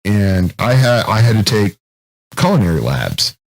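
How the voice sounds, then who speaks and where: A man in his thirties chats on a podcast with a husky, slightly rough voice. His pitch swings widely as he tells animated, profane stories. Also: measured pace, low-quality recording. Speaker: co-host. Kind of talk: casual podcast chat.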